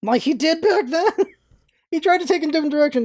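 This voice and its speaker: A woman ranting in a casual vlog, animated and exasperated, laughing often and swearing freely. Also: high voice, brisk, no echo, clean studio sound. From United States. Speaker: vlogger, show host.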